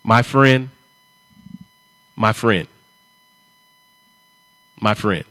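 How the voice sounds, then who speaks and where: A man's voice: lowish voice, extremely slow, pushed and bright, no echo. Guy on a livestream, hammering his point over and over, dry close sound. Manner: emphatic, repetitive, confrontational. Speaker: livestream host. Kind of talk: live stream commentary.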